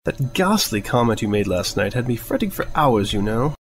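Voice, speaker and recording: A man's voice: medium pitch, big pitch swings, normal speed, close to an everyday voice. A man voicing a refined, fussy female pony with a prim, genteel way of speaking. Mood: concerned.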